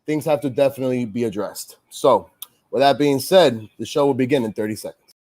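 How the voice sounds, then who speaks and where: A man's voice: medium pitch, a little fast, darkish tone. A man hosting a casual sports show, venting with frustration, swearing and rambling through restarts. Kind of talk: casual pregame-style sports chat, venting.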